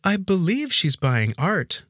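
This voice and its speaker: A man's voice: high voice, sing-song, moderate pace, a bit bright, dry recording, clean studio sound, pitched above the performer's own voice. A man voicing a polite, worried female house maid in an audiobook, speaking deferentially and calling her employer sir. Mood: concerned. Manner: deferential, addresses him as sir. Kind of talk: audiobook character voice.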